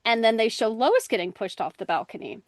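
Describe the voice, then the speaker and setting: A woman co-hosting a podcast in casual chat, telling stories with bursts of excited quoted voices. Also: fairly high pitch, brisk, no echo. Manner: animated storyteller, jumps into excited quoted voices. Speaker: podcast co-host.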